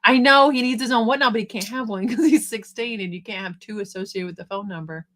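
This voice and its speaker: Fast-talking upbeat middle-aged woman. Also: a little high, a bit bright. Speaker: live-stream host. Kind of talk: casual live-stream chat, reading viewer comments.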